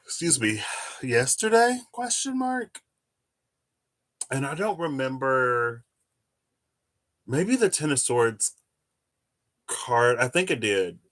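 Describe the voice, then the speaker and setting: A man's voice: medium pitch, expressive, slow pace, long pauses, fairly bright tone, no room sound. A man chatting casually as he shuffles and pulls tarot cards, rambling and correcting himself as he goes. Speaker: tarot reader. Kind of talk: casual tarot reading vlog.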